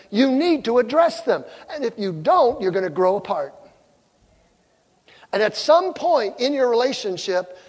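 A man's voice: extremely high pitch, in a large hall, low-quality recording. A middle-aged man preaching a sermon, telling personal stories with emphasis and asking his listeners questions. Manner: emphatic storytelling, asks the crowd questions.

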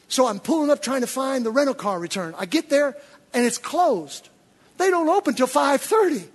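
An older man preaching, telling a story from the pulpit, swinging between low, quiet asides and loud, excited outbursts. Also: a little fast. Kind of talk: sermon storytelling. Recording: long reverb of a large hall.

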